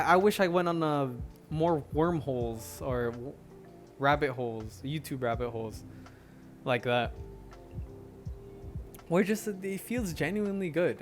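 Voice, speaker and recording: A young man hosting a casual solo podcast, rambling with many restarts and fillers, a little out of breath. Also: on the high side. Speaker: podcast host.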